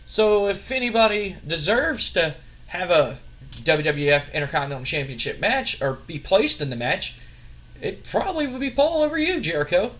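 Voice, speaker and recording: A man voicing a scheming young male wrestling executive who talks in a smooth, wheedling way. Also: high-pitched, sing-song, normal speed, a bit bright.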